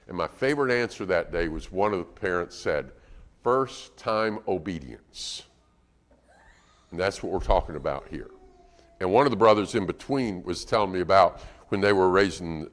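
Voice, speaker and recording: Lively low-voiced preacher in reverberant church. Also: male voice. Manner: animated, acts out parent and child dialogue. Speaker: guest preacher. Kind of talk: sermon. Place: church auditorium. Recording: long church hall reverb.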